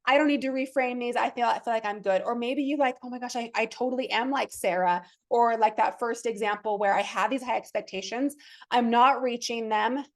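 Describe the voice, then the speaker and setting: A woman with a high, light voice hosting a fitness podcast. She talks in a chatty, enthusiastic way and acts out people's inner thoughts as she goes. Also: brisk. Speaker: fitness coach and podcast host. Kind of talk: casual motivational podcast talk.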